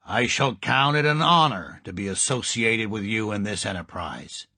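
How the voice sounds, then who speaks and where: A man's voice: lowish voice, lively intonation, normal speed, sharp tone, no echo, full character voice. A man playing a sonorous, emphatic gangster. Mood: flattering. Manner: emphatic, ornate. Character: sonorous older male crime boss.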